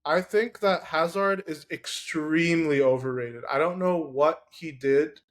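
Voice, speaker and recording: Argumentative man with a slightly high voice. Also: unhurried. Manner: argumentative, lots of "like" fillers. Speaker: podcast co-host. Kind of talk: casual sports debate.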